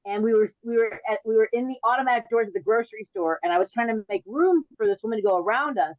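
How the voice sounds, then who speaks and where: Woman, forties, stand-up storyteller on a video call; rambling, punchy, slightly high, dry dull audio. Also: quick pace, no echo. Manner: rambling, self-interrupting, punchy. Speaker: comedian telling a story.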